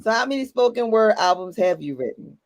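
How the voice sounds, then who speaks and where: A male host with a gravelly edge to his voice. His pitch swings widely as he teases his guest, sometimes jumping high for effect. The talk is casual and playful. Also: very animated, a little fast. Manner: playful and teasing, with bursts into high exclamations. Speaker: show host. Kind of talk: casual interview chat.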